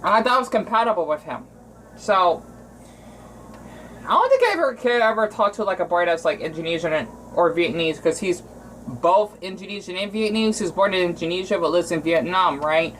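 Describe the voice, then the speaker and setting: A man's voice: high voice, animated, fairly bright tone, a little hiss or hum, rough recording. Rambling man from Arizona, cooking vlog. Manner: rambling, emotional, halting with restarts. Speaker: vlogger.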